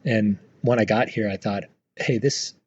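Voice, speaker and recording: A middle-aged man, a retired Marine aviator, telling his story as a guest in a relaxed, rambling way with many fillers. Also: lowish voice, a little slow, breathy edge, highs cut off. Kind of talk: casual storytelling interview.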